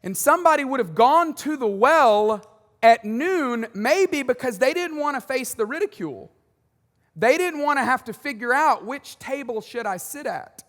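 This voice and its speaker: High-voiced pastor preaching in a big hall. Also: male voice, moderate pace. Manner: animated, conversational preaching with asides and jokes. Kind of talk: sermon. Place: large church auditorium.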